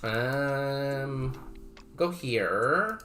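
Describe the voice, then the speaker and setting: A man streaming a game, chatting casually and musing aloud in a wry, unhurried way. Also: mid-range voice, lively intonation, pushed and bright. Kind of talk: casual livestream chat.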